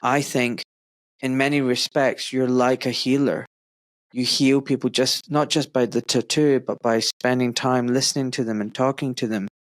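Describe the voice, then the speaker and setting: A man's voice: medium pitch, steady tone, moderate pace, no room sound. A middle-aged man from Glasgow with a Scottish accent, hosting a podcast and speaking earnestly and effusively, rambling with fillers. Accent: Glaswegian Scottish. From Scotland. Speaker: podcast host. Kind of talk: warm conversational interview.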